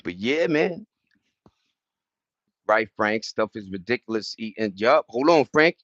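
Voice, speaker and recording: A man's voice: on the low side, lively intonation, measured pace, a bit bright, dry recording, highs cut off. A middle-aged man hosting a livestream, telling loose, slangy stories in casual chat and greeting viewers from the chat between them. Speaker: livestream host.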